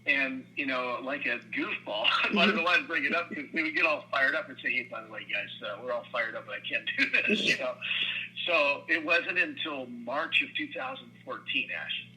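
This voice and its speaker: Animated talkative man in his sixties. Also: normal speed, poor audio. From United States. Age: 60s. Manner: animated, rambling storyteller with frequent restarts and pitch jumps. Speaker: company co-founder, interview guest. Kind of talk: casual storytelling interview.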